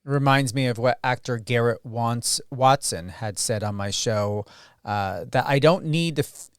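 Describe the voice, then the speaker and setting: Smooth, dry-voiced male host. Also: mid-range voice, a little slow, dry recording. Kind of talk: interview conversation.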